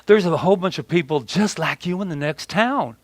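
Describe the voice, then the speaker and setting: A man's voice: sits high, a little fast, dry recording. A man putting on a blunt, judgmental old aunt. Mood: matter-of-fact. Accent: a put-on regional accent. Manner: flat, matter-of-fact delivery. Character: blunt older aunt, matter-of-fact and judgmental.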